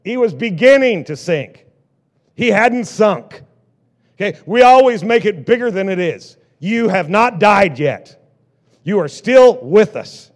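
A middle-aged male pastor preaching a sermon, swinging between loud bursts and hushed lines. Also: high-pitched, animated, measured pace.

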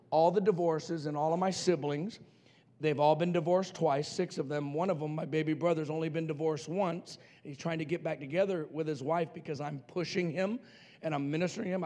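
A middle-aged male pastor from New Mexico preaching through a funny personal story. He has a slightly high voice and moves from quiet, confiding asides to loud shouted lines, acting out the voices of the people he describes. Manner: playful, acts out voices in his stories. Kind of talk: storytelling sermon.

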